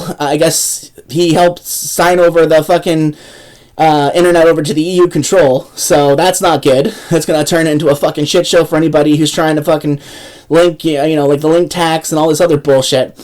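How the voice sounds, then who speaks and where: A woman's voice: low voice, steady tone, a little fast, darkish tone, rough recording. A woman, ranting angrily about politics and swearing constantly. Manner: profane, swearing constantly, heated. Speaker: political vlogger. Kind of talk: angry political rant.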